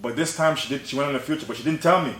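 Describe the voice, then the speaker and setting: A young man hosting a podcast, telling a story in casual chat, animated and laughing, with "bro" in nearly every line. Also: medium pitch, racing. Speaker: podcast host. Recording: roomy echo, faint noise.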